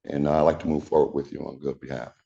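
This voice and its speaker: Halting older man, deep, dark voice. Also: little pitch movement, creaky. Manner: halting, repetitive, earnest. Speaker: defendant. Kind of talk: addressing the court. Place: courtroom. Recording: dull lo-fi courtroom audio.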